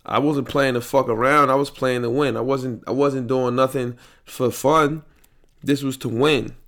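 A young man hosts a solo podcast late at night, ranting angrily into a studio mic with headphones on, swearing and repeating himself. His voice is medium-pitched and a bit bright, with fairly even intonation and a measured pace.

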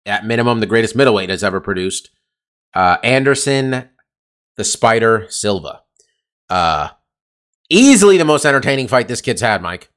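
This Californian podcast co-host has a lowish, slightly bright voice with big pitch swings, a moderate pace, and frequent pauses. He chats casually, rambling, swearing, and leaning on fillers.

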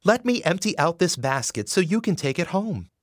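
A man's voice: sits high, very animated, moderate pace, no room sound, studio quality, pitched above the performer's own voice. A man voicing a gray-haired mother who gushes frantic, breathless thanks. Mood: overwhelmed. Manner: breathless, gushing, tearful thanks.

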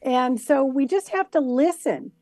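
A middle-aged woman with a notably high voice talks in a casual, animated way. She slips into little acted-out voices as she tells a story. The sound is close and dry, with no room around it. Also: measured pace, no room sound. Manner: animated, acts out voices of her guides. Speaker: guest. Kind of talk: casual conversation.

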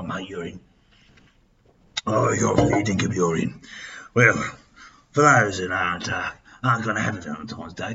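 A man's voice: fairly low pitch, sharp tone, recorded from a distance, dull audio, slight background noise. A man voicing a crude, boastful older Australian pub bloke with an Australian accent, rambling and swearing through comic radio banter. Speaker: radio host. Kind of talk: comic radio character monologue.

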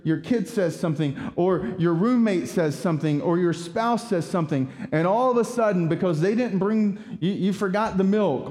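A man preaching a sermon as pastor, talking in a conversational, animated way with rhetorical asides. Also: high voice, long reverb tail.

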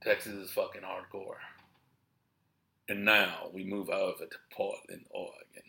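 This man, a comedian, chats loosely about gigs he's done, swearing freely, using lots of slang, and performing the lines of people in his stories. He speaks in a low, fairly monotone voice that is creaky and sharp-toned, never rushing.

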